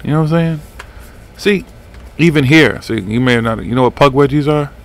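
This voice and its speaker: A man's voice: medium pitch, moderate pace. A man hosting a live paranormal radio show, chatting in a rambling, profane, laid-back way. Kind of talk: casual live radio chat.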